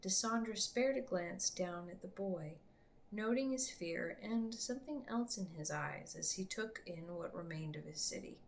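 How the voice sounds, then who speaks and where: A woman reading her own book aloud to her family in an unhurried way, slipping into soft whispers. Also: on the low side, lively intonation, gravelly, a little hiss or hum.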